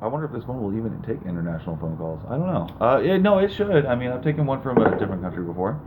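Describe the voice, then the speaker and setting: A man's voice: mid-range voice, sing-song, rapid-fire. A man hosting a casual live call-in stream, laid-back and rambling, with lots of fillers. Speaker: live show host. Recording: phone-like lo-fi with noise.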